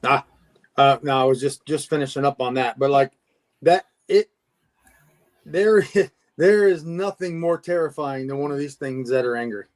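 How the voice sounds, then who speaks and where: A man's voice: medium pitch, moderate pace. A man guest telling his encounter story in a casual interview, with a lot of stammering restarts and laughing at himself. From Florida. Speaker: Bigfoot investigator guest.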